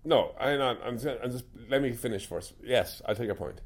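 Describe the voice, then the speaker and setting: A man's voice: mid-range voice, a little fast. An Irish man chatting casually, hesitant and restarting his sentences when pressed. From Ireland. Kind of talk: casual chat.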